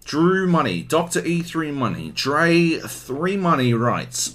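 A man's voice: on the high side, slow pace, hardly any pauses. An Australian man from Queensland co-hosting a podcast in casual chat, often swearing and ranting. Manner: swears a lot, animated ranting. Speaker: podcast co-host.

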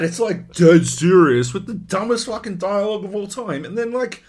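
A man's voice: sits high, expressive, normal speed. A man co-hosting a gaming podcast in casual chat, ranting animatedly with lots of swearing. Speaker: podcast co-host.

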